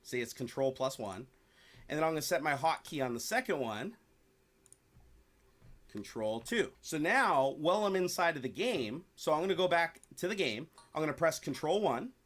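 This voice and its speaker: A man walking viewers through software settings step by step in a screen-recorded tutorial, talking to them directly. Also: a little high. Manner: clear step-by-step explaining, addresses viewers directly. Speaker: tutorial presenter.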